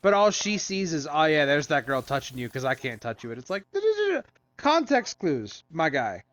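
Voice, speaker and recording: A man co-hosting a casual comic book podcast, retelling scenes with animated put-on voices. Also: fairly high pitch, normal speed. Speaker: podcast co-host.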